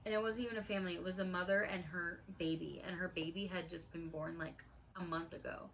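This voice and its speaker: A woman's voice: fairly low pitch, steady tone, a little fast, a bit bright, a little hiss or hum, poor audio. A woman in her late twenties telling a personal story in a casual vlog, earnest and heartfelt, with lots of fillers. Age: late 20s. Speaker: vlogger.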